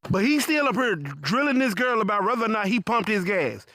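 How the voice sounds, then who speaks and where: A man telling a profane comic story in an animated voice full of punchy asides. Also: high voice, brisk, no room sound, clean studio sound. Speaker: comedic storyteller.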